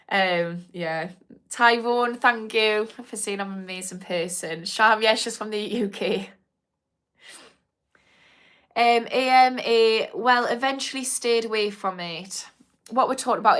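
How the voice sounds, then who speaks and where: A woman's voice: medium pitch, a bit bright. Woman, live-stream therapist, candid, sweary, chatty, mid-range voice. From Newcastle, north of England. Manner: frank and casual, swears freely, trails off with ums. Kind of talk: live-stream Q&A, reading viewer comments.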